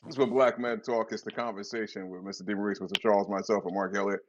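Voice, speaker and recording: A man's voice: on the low side, fast, highs cut off, a little hiss or hum. A man hosting a podcast, signing off the show with lots of laughter. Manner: lively, laughing, warm-hearted sign-off. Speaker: podcast host. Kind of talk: casual podcast sign-off.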